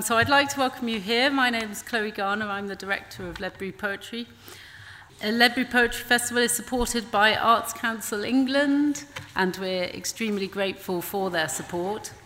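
A woman, the festival director, introducing an event and its poets with many ums. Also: mid-range voice. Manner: warm, filler-heavy introducing. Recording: hall reverb with faint noise.

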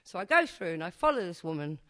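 A woman's voice: lowish voice, big pitch swings, quick pace, sharp tone. Brief: woman, performance poet, live comic storytelling, chatty and cheeky, swears, laughs at herself. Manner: chatty, self-mocking, swears freely, laughs at own jokes. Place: stage before a live audience.

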